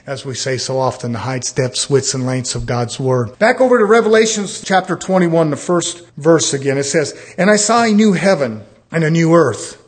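Fifties guy preaching a sermon, voice sits a bit high, lively and questioning. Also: moderate pace, few pauses. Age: 50s. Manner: animated preaching, rhetorical questions, calls of amen.

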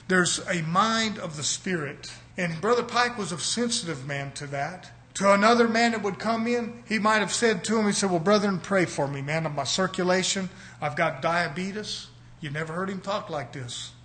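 High-voiced preacher delivering a sermon. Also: male voice, sharp tone, a little hiss or hum. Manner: preaching with rising and falling emphasis, repeated "brothers and sisters".

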